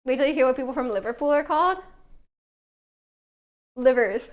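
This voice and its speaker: A young woman with a high voice chats on a live stream from her home kitchen. She reads viewers' messages aloud and rambles easily between them, filling her sentences with "like". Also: lively intonation, moderate pace, long pauses. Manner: chatty, reads chat aloud, many "like" fillers. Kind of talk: casual live-stream chat while baking.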